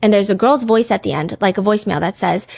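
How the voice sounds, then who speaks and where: A woman's voice: medium pitch, quick pace, vocal fry, a little mellow, soft background music. Chatty woman hosting true crime. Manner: chatty, lots of "like" fillers, reads lyrics aloud. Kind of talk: casual true crime commentary.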